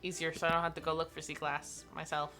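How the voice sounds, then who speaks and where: A woman running a tabletop game as game master, playful and quick to laugh, sometimes dropping into character voices. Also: low-pitched, flat delivery, sharp tone, soft background music.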